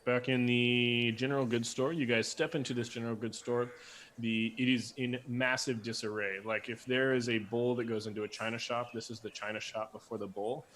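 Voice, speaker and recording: A man's voice: mid-range voice, level tone, brisk, fairly bright tone, slight background noise. A man running a tabletop game as dungeon master, narrating with many fillers. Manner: rambling, full of fillers.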